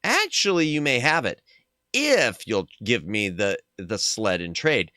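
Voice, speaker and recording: A man voicing an excitable old toymaker in a deliberately bad German accent, with a strained, sore throat. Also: dry recording, studio quality. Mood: excited. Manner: high, strained, shouting.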